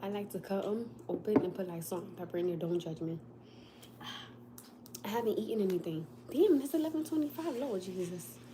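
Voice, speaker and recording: A woman's voice: lowish voice, steady tone, brisk, long pauses, background noise. An American woman hosting a casual livestream from home, chatting and laughing with her viewers. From United States. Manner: chatty, laughs often, talks straight to viewers. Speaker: livestream host. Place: at home, snowed in.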